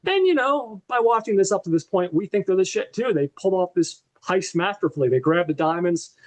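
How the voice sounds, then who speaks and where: A man with a high voice and lively intonation speaks fairly quickly. He co-hosts a podcast, animatedly recounting a movie's plot in a casual, profane style full of fillers.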